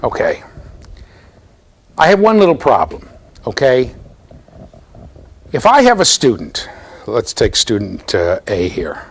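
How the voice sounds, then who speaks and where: Middle-aged male lecturer, lively sing-song delivery, playful, demonstrates with students in a big hall. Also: mid-range voice, takes it slowly, long pauses, slightly rough. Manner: animated, playful, addresses students directly. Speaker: university lecturer. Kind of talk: classroom lecture with live demonstration.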